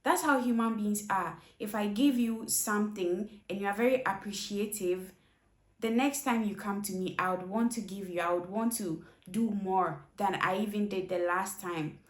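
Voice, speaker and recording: A woman's voice: mid-range voice, normal speed, echoey room. A woman host reacting to clips in casual commentary, questioning and emphatic as she pushes back on advice.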